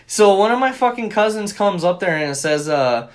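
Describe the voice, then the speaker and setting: A young man co-hosting a casual podcast chat, telling a rambling, profanity-laden story with excitable bursts, recorded on a phone. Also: high voice, normal speed, a loud crowd. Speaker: podcast co-host.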